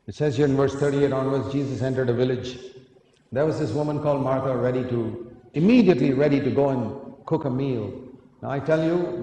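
Man giving a sermon, mellow voice, really echoey hall, bit of hiss. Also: medium pitch. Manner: earnest, emphatic, asks the audience questions. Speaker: preacher. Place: large hall. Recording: echoey hall, faint noise.

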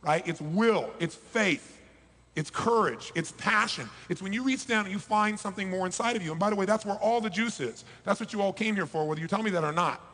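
High-pitched man preaching success in a big hall. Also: brisk. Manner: emphatic, swings between loud bursts and hushed lows. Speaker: motivational speaker. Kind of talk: motivational seminar speech. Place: large hall before a live audience.

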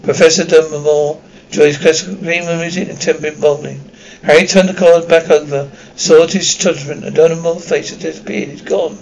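A man's voice: on the high side, steady tone, brisk, darkish tone, highs cut off. A man reading a children's novel aloud, stumbling and restarting words often. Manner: reads with frequent slips and restarts. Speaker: audiobook reader.

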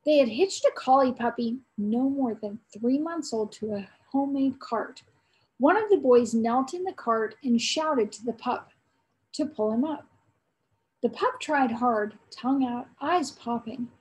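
Brief: an aunt reading a children's chapter book aloud, high bright voice, storytelling pace. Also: female voice, animated, poor audio. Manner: storytelling, pausing to quiz listeners.

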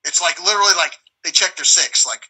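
A man's voice: fairly high pitch, fast, breathy edge, low-quality recording. A man telling rambling, profane stories in a casual live conversation, often acting out other people's voices. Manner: acts out quoted voices loudly.

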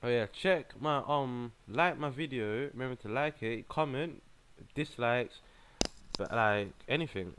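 A young man, giving a casual running commentary as he plays a mobile game, reacting in an exasperated, excitable way with plenty of slang. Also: medium pitch, a little slow, smooth. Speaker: gaming channel host.

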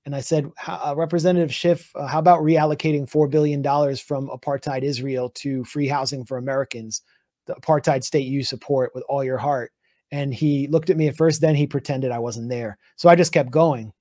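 A man, a guest journalist, telling a heated political story in an animated way with restarts. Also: medium pitch, no echo, studio quality. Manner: heated, fast recounting with restarts.

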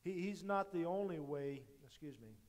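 A male pastor delivering a sermon in a fairly high voice. He surges to loud, emphatic peaks and then drops to soft, intimate asides, often doubling back on a word as he restarts a phrase. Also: lively intonation, normal speed. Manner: dynamic, swinging between loud emphatic lines and quiet intimate asides; repeats words as he restarts phrases.

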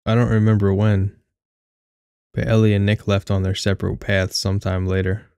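A young man reads a first-person story with a wry, candid edge and the odd curse. His voice sits low and stays fairly flat, smooth and clear. The sound is dry and close, with no room to it. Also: normal speed, no echo. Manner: candid, wry, casually profane. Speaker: audiobook narrator.

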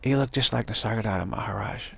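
A man in his sixties gives a rambling spiritual talk, with a gravelly, husky voice. He halts often, repeating words and restarting his sentences as he teaches. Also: fairly low pitch, fast, no echo. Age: 60s.

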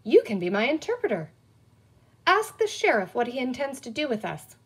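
Woman voicing a curious little girl in a storybook, squeaky and excited, voice bouncing all over. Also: moderate pace, breathy edge, full character voice. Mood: eager. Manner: excited, high exclamations. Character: bold curious young girl heroine.

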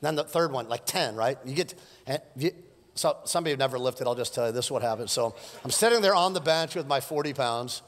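A middle-aged man preaching a sermon as pastor, animated and joking with the congregation. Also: medium pitch, a little fast. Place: church sanctuary. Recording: live church sermon with long reverb.

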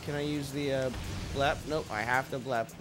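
A man's voice: medium pitch, fairly even intonation, normal speed, music in the background. A young man hosting a let's play, commentating with jokes, swearing and sudden yelps at the game. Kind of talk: gameplay commentary.

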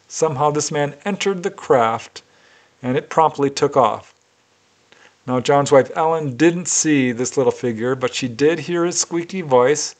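Man narrating in a raised voice. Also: on the high side. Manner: measured, deliberate retelling. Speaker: UFO researcher and narrator. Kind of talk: narrated case storytelling.

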